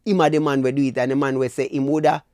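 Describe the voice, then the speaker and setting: A man's voice: medium pitch, fast, no room sound, clean studio sound. A man with a Jamaican accent giving opinionated commentary as a vlogger and speaking straight to his viewers. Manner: animated, preachy, addresses viewers as "people".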